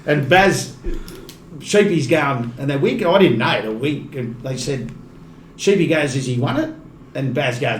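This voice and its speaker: Chatting on a podcast, the Australian rugby league commentator spins casual stories unhurriedly, his medium-pitched voice lively in intonation. He breaks into laughter mid-story, and the room is echoey with faint background noise.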